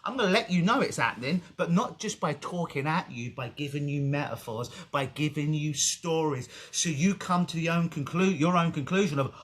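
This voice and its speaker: Animated man, a hypnotist guest. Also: a little high, normal speed, few pauses. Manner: animated storytelling, acts out quoted voices. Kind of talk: casual podcast interview. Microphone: video call.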